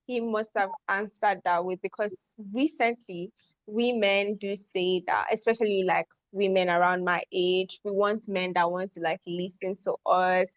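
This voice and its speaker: A woman hosting an interview, offering thoughtful, measured opinions to her guest. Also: mid-range voice, fairly even intonation, no echo. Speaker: host. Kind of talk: casual interview talk. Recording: dry, dull lo-fi sound.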